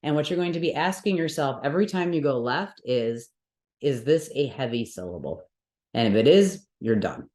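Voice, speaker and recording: In a roomy, echoey room, a woman teaches a Sanskrit mantra workshop, patiently explaining the rules step by step and often checking in with her students. Her voice is rumbling low, warm, and animated, at a normal speed.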